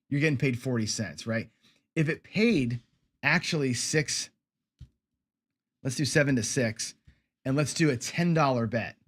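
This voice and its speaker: A middle-aged man hosting a live lesson show, chatting casually with viewers and answering their comments, with lots of fillers and restarts. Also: medium pitch. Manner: conversational, many fillers and restarts. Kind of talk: casual livestream teaching, reading viewer comments.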